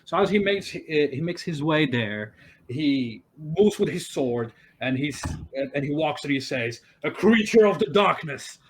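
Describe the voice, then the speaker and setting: A man's voice: a little high, expressive, measured pace, a little hiss or hum. A man acting as game master in an online tabletop game, thinking aloud with many fillers as he runs the rules.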